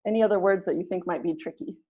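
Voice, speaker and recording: A woman's voice: on the low side, warm tone, highs cut off. Woman teaching pronunciation on a webinar. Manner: explains slowly, claps out syllables and models words.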